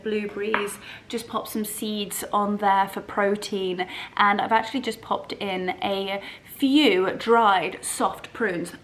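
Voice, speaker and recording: A woman's voice: on the high side, fairly bright tone, roomy sound, slight background noise. A woman chatting casually to camera in a lifestyle vlog from her kitchen at home, bubbly and gushing. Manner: bubbly and gushing, sing-song baby talk to her dogs. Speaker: lifestyle vlogger.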